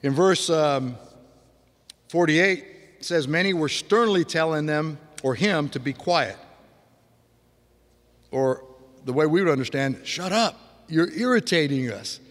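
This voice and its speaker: A man's voice: a little high, measured pace, pauses often. A man preaching a sermon in a loose, conversational way, with frequent restarts and vivid imitations of sounds. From grew up on a farm. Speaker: pastor. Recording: long hall reverb.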